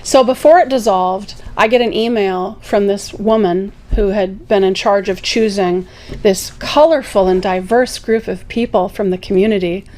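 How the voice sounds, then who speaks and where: A woman talking as a guest on a casual talk show, telling a story with sarcastic asides and lively quoted voices. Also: mid-range voice, normal speed.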